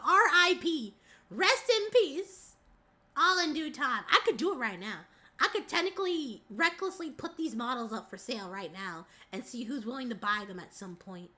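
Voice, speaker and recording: A woman's voice: high-pitched, pushed and bright. A woman from the Southern United States, a VTuber streamer chatting casually in a slightly nasal, rambling, laugh-prone way. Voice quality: a little nasal. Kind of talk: casual chat.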